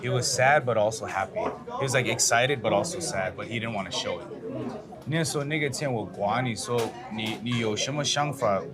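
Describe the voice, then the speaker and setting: A man's voice: mid-range voice, a little fast. A man interviewing his father and translating each answer as it comes. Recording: loud background music.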